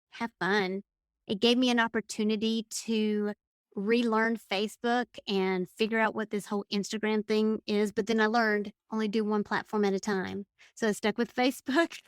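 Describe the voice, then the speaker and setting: A woman's voice: a little high, fairly bright tone, no echo, clean studio sound. A middle-aged woman hosting her own coaching podcast, talking in a chatty, rambling way with frequent laughs. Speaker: business coach and podcast host. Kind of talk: solo podcast monologue.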